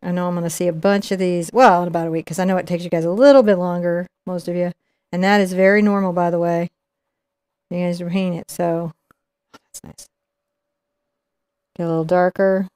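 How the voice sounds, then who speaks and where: A woman's voice: fairly low pitch, little pitch movement, fairly quick, long pauses, darkish tone, clear, resonant tone, dry recording. Chatty woman teaching painting. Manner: chatty, explains while painting. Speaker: painting instructor. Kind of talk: live painting tutorial.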